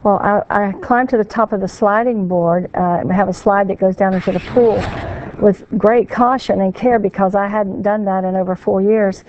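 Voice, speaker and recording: An older woman, a grandmother, telling her story as a TV guest in an earnest, halting way. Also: mid-range voice, fairly even intonation, darkish tone, dull audio. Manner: earnest, halting retelling with fillers. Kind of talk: emotional personal account.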